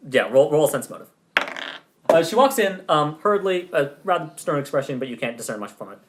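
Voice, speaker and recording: A man running a tabletop game, his voice fairly high and very lively. He narrates loosely and chattily, tossing in laughing asides to the players. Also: brisk, noisy background. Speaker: game master.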